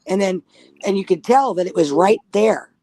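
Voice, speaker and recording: A woman's voice: mid-range voice, animated, moderate pace, dark tone, no echo. A woman telling a spooky personal story in casual chat, blunt and profane. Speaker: guest storyteller.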